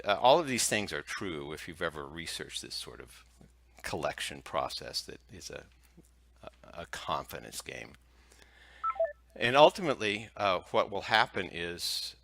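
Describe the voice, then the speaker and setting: Deep, bright-toned man telling stories. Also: vocal fry, no echo. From United States. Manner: relaxed anecdotal telling, chuckles often. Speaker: hypnotist guest. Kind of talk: casual interview storytelling.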